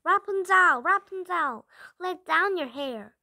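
A woman voicing a lonely, possessive witch in a storybook reading, speaking in a slow, raised, drawn-out voice. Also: high-pitched, expressive, sharp tone. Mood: calling.

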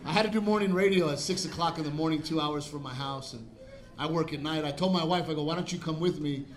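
A man's voice: fairly high pitch, fast talker. A man doing a stand-up comedy set, telling a brash, profane story and acting out quotes on a club stage. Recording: live club recording with crowd laughter and noise.

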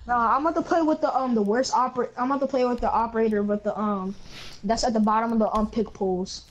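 A man's voice: very high-pitched, steady tone, fast talker, low-quality recording. A man chatting and trash-talking casually while playing a video game. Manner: joking, trash-talking, rambling. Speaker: gamer. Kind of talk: casual gaming chat. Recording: game sound in the background.

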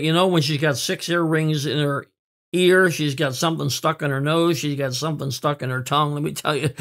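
A man preaches a sermon in an earnest, plainspoken way. His voice sits a little high for a man. He trips over fillers and repeats words, then slows right down to lean on each key word. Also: vocal fry, a bit bright. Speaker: pastor.

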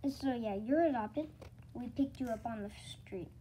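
A woman's voice: on the high side, normal speed, dark tone, close to an everyday voice. A woman voicing a blunt, grumpy parent figure who scolds and throws the kid out, in a homemade puppet skit, with a noisy home recording. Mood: teasing.

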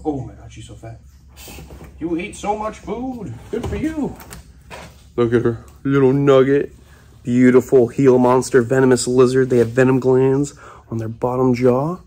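A man's voice: mid-range voice, steady tone, fairly quick, creaky, warm tone. A young man hosting a casual vlog about caring for his snakes and lizards, chatty and enthusiastic, recorded on a phone propped up nearby. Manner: chatty, enthusiastic, coos at the animals. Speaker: reptile keeper and show host. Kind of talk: casual animal-care vlog. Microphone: phone propped up on a can.

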